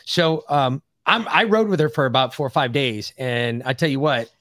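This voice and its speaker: A man's voice: mid-range voice, normal speed, fairly bright tone, no echo, clean studio sound. Profane rambling man telling a story. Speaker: podcast co-host. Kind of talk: casual storytelling chat.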